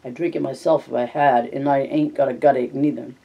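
A man reading as a calm, steady ranch leader. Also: medium pitch, vocal fry, slightly rough, dull audio. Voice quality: calm, measured.

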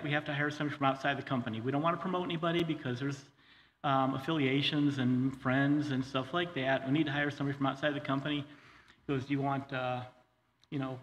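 A middle-aged man telling his personal testimony in a church, earnest and halting, with many fillers and restarts. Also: mid-range voice, fairly bright tone, a little hiss or hum. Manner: earnest, says he gets choked up. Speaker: guest speaker sharing his testimony. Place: church hall. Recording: long hall reverb, faint ambience.

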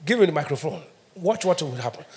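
A middle-aged Nigerian man preaching with emphatic call-and-response. His voice sits high for a man. He drives each point home and asks the congregation to answer. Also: sing-song, fast, darkish tone. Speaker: pastor. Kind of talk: sermon.

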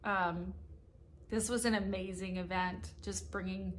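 A woman's voice: mid-range voice, steady tone, unhurried, a little hiss or hum. A middle-aged woman casino vlogger talking casually and emotionally to her viewers, laughing through tears and restarting her sentences. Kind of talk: casual heartfelt vlog talk to viewers. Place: hotel room upstairs at a casino.

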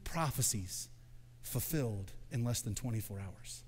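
Preaching pastor, quiet to shouted. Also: male voice, mid-range voice, lively intonation, a little slow, husky, long reverb tail. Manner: builds from quiet to shouting proclamation. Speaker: senior pastor. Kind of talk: sermon. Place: church sanctuary.

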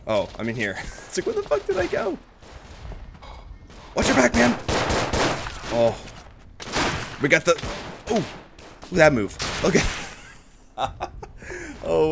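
Excitable man shouting over gameplay. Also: on the high side, creaky, background noise. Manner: excitable, swearing, shouting battle cries. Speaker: gaming YouTuber. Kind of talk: gameplay commentary. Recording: game music and gunfire behind. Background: game music and gunfire.

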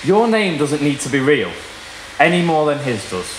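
Man reading a no-nonsense lady laying down the rules, plain flat delivery, roomy echo. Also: a little high, normal speed, slight background noise. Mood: instructing. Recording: echoey room at a live reading.

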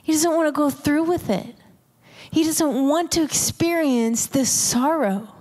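A woman's voice: sits high, unhurried, a little mellow. A woman preaching a sermon in an intimate way, often dropping to a whisper to stress a point. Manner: intimate, drops to whispers for emphasis. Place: large church hall. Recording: live church hall reverb.

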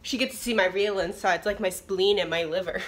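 A woman's voice: mid-range voice, fairly even intonation, brisk, slight background noise. A young woman vlogging casually from her bathroom, chatty and rambling, swearing a lot and laughing often. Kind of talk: casual chat. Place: bathroom, in a towel.

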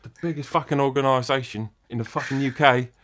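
A man's voice: medium pitch, steady tone, fairly quick, a bit bright, lightly acted. A man playing a crude, swaggering old-school British wrestling legend, swearing constantly as an interview guest. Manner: swears constantly, cocky geezer bravado.

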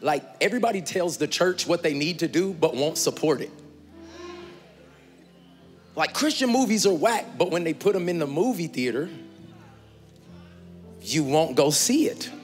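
High-voiced pastor hyping up a congregation. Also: male voice, moderate pace, pauses often. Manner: energetic, shouting out to the crowd, playful. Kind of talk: addressing a church congregation live. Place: large church sanctuary during a live service. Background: worship music.

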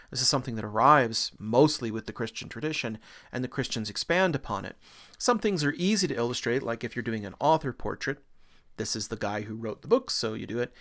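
A man's voice: medium pitch, a bit bright. A middle-aged man giving a recorded university art history lecture, talking eagerly through slides. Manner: enthusiastic, pointing things out on slides.

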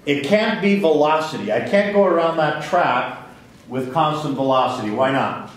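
A man's voice: fairly high pitch, normal speed, recorded from a distance. A man giving a physics lecture to a class, asking questions and answering them himself. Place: lecture hall. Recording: very echoey hall, voice from off-mic.

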